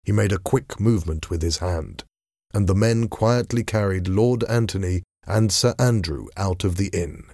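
Slow, gravelly man reading a storybook. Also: sits low, a little mellow, dry recording, clean studio sound. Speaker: narrator.

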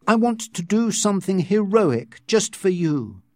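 Narrator playing volatile young outsider: raised voice, slow, earnest, impassioned, storybook. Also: male voice, high-pitched, big pitch swings, warm tone, no room sound, clean studio sound, voice pushed up. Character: intense, idealistic young man, volatile outsider.

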